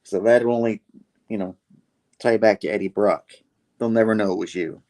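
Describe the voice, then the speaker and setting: A man voicing a guilt-ridden aging male scientist in a solemn, hushed way while retelling a comic. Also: lowish voice, fairly even intonation, moderate pace, lightly acted.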